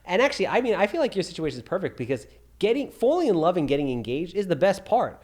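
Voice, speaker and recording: A man's voice: high voice, sing-song, fast talker, darkish tone. Blunt, swearing middle-aged male podcast host. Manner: blunt, opinionated, swears freely. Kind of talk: casual chat.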